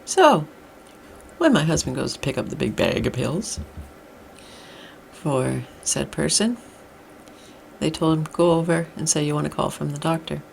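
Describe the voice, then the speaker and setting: A middle-aged woman delivers a blunt, exasperated rant with a gravelly, creaky edge to her voice. She speaks at an ordinary mid pitch for a woman. A faint hiss of noise sits under her voice. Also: normal speed, long pauses, darkish tone. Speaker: vlogger. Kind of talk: ranting monologue.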